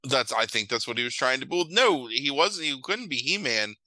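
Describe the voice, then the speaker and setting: Animated, bright-voiced man talking shop. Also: medium pitch, moderate pace, dry recording, poor audio. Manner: animated, profane, rambling retelling. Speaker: podcast host. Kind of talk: casual chat.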